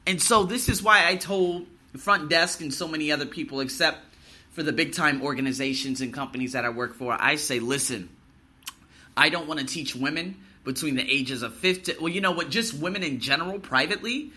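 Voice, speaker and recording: A man's voice: mid-range voice, pushed and bright. Ranting profane male podcast host. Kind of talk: solo podcast monologue.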